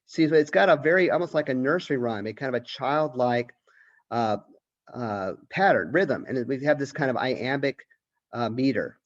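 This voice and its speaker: Guy professor doing a lit lecture, mid-pitched voice, kinda lo-fi audio, lots of restarts. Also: lively intonation, normal speed. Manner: thinking aloud, restarts, asks questions. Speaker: college literature professor. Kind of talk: recorded lecture.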